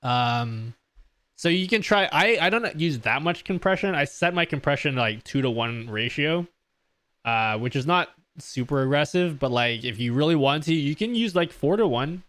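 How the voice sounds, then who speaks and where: Speaking at a moderate pace, this man has a fairly high, fairly bright, expressive voice and no room sound. He hosts a relaxed live-streamed question-and-answer session, joking, laughing, and reading chat messages aloud through a close desk mic connected to an audio mixer.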